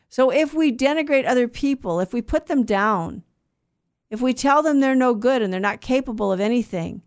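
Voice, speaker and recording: Bible teacher, woman, slightly high voice, chatty, questions the class. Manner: conversational, asks the group questions. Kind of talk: scripture teaching to a group.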